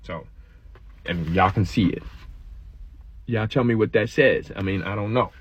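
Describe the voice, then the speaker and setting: A man talking casually to his viewers and addressing them as y'all, with animated asides while reading a kids' book. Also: fairly low pitch, a little slow, husky, muffled recording. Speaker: vlogger. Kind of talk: casual read-aloud vlog.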